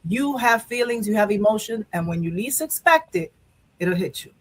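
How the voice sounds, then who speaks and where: A woman's voice: medium pitch, big pitch swings, normal speed, poor audio. A woman hosting a live talk show, speaking candidly and emotionally about grief, rambling with many restarts. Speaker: show host.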